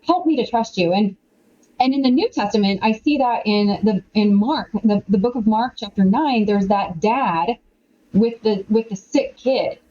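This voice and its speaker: Chatty middle-aged woman guest, mellow voice, kinda dull lo-fi sound. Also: medium pitch, normal speed. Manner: animated, chatty, lots of "like" and quoted asides. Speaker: author and podcast guest. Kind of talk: casual conversational interview.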